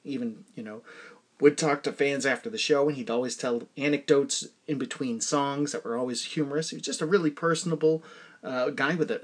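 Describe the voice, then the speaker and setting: A man's voice: medium pitch, husky. A man hosting a podcast in casual chat, rambling and a bit hesitant but enthusiastic. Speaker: podcast host.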